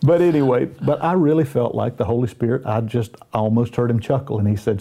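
A man's voice: medium pitch, brisk, gravelly, hardly any pauses, mellow. Southern man telling folksy church stories. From Southern United States. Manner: folksy storytelling with self-deprecating humor. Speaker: minister. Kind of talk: Christian talk show conversation.

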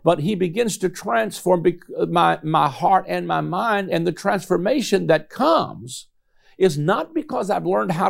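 A middle-aged man preaching with a gravelly, creaky edge to a voice that sits a bit high for a man. He talks earnestly, reading scripture passages aloud and often restarting his phrases. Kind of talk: sermon.

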